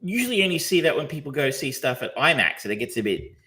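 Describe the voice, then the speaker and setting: A man's voice: medium pitch, very animated, fast talker, sharp tone. A man co-hosting a podcast, talking casually and rambling, with frequent ums, restarts and casual swearing. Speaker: podcast co-host reviewing films. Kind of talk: casual chat.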